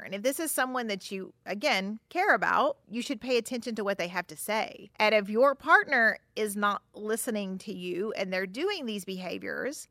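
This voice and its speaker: A woman therapist hosts a casual advice podcast, speaking frankly and conversationally. Her voice is bright and forward, and the recording is dry and close. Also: medium pitch, no room sound. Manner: frank, conversational, acts out example quotes.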